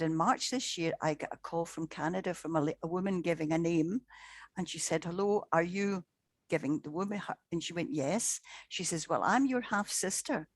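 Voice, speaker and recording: A woman's voice: fairly low pitch, no echo. A woman, a paranormal investigator, telling case stories in a chatty way, often repeating words and acting out what people said. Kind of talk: anecdotal storytelling in conversation.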